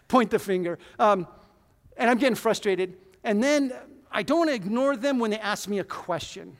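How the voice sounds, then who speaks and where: High-voiced pastor with a booming hall echo. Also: male voice, expressive, brisk. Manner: conversational and self-deprecating, with sudden loud bursts. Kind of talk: sermon. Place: church hall. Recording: reverberant church hall.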